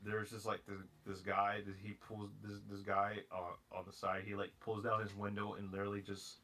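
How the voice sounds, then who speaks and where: A young man co-hosting a casual podcast, telling a story in halting bursts with repeated words and restarts. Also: on the low side, completely flat delivery, pushed and bright. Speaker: co-host.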